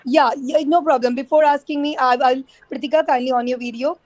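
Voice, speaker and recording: A woman with a high voice hosts an online class and makes polite, formal requests. She is recorded close, with a dry sound. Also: fairly even intonation, brisk, darkish tone, no room sound, low-quality recording. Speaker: class host.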